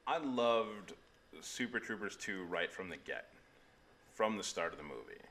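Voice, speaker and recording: A man with a low, bright voice chats on a comedy film podcast. He talks enthusiastically and stumbles over repeated words as he builds his point. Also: lively intonation, unhurried. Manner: enthusiastic, repeats words while searching for them. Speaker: podcast co-host. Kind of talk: casual comedy movie chat.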